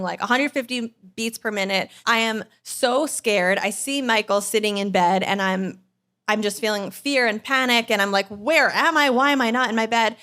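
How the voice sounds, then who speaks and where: A woman in her thirties, a podcast host, telling a personal story to a live audience with animated delivery, acting out quoted lines. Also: mid-range voice.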